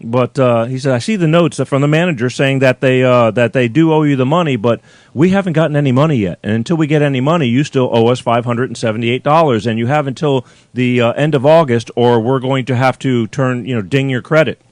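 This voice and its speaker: A man's voice: medium pitch, fairly quick, no echo. A man hosting a call-in show, retelling his customer service calls in a blunt, exasperated rant and acting out both sides. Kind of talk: ranting monologue, retelling phone calls.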